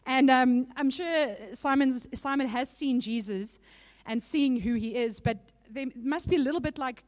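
A woman's voice: high-pitched, unhurried. A woman preacher giving a sermon in a conversational way, with small laughs between points, a little nervous. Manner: warm laughing asides, conversational.

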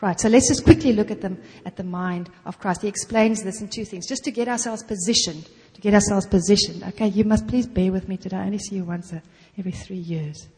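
A woman's voice: mid-range voice, quick pace, hardly any pauses, dark tone. A middle-aged woman preaching a sermon in a conversational way, often saying "you know" and acting out little prayers in her own voice. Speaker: guest preacher. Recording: long reverb of a hall.

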